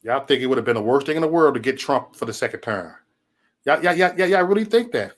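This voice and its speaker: A man hosts his own livestream, rambling loosely and profanely as he tells stories with lots of animation. His mid-range voice is lively, and he talks fast in this casual rant.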